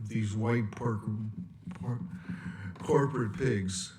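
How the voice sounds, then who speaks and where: Unhurried male commentator, sarcastic and rambling, recorded in an echoey room. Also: mid-range voice, expressive, distant mic. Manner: rambling, sarcastic, with long pauses. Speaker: political commentator. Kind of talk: political rant vlog. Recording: echoey room, away from mic.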